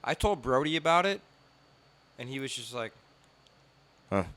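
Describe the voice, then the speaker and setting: A man's voice: medium pitch, animated, moderate pace, a bit bright. A young man from Canada, ranting profanely in casual podcast chat and mimicking others in put-on voices. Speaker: podcast guest.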